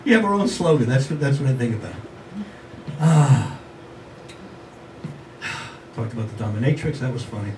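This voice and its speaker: A man's voice: mid-range voice, very animated, moderate pace, pauses often, heavy background noise. A man in his sixties performing a self-mocking stand-up comedy set, talking straight to the audience. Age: 60s. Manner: self-mocking, conversational, addresses the audience directly. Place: live venue with audience. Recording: roomy live sound from a distance, audible crowd ambience.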